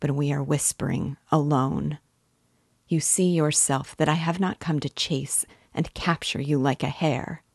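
A shrewd middle-aged magistrate, read by a woman, who leans on every point with calm, slow insistence. The delivery is unhurried and the sound is close and dry. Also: deep voice, creaky, slightly rough, dry recording, heavily acted. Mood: calmly pressing.

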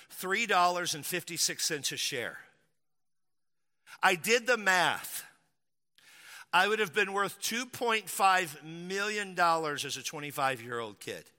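A man delivers a sermon in a very bright, tense voice pitched a little high. He swings from wry, funny storytelling to emphatic preaching. The sound carries a long reverb, as in a church hall. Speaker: pastor.

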